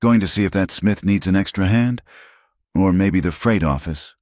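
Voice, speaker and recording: A guarded, scarred frontier drifter with a very deep voice that speaks only in clipped, sparing words, as a man acts him out in an audiobook. The recording is dry and close, with no room sound around it. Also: normal speed, a little mellow, no echo, close to an everyday voice. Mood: terse. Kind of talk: audiobook character voice.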